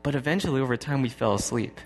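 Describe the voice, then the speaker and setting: A man's voice: medium pitch, quick pace. A man in his thirties preaching a sermon, telling a personal story in a conversational way and chuckling often. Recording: long hall reverb.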